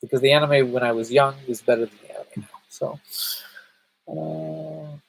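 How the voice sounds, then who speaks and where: On a casual livestream, a man rambles, stammers, and restarts often while reading and answering viewers' comments. His medium-pitched voice has vocal fry and a moderate pace, and the rough recording carries a little hiss or hum.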